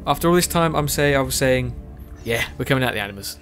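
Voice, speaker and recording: A man's voice: medium pitch, expressive, quick pace, a bit bright, faint music behind. A tired man, chatting casually as he plays a game and often correcting himself. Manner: rambling, self-correcting, chatty. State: tired with a sore throat. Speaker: gaming video host.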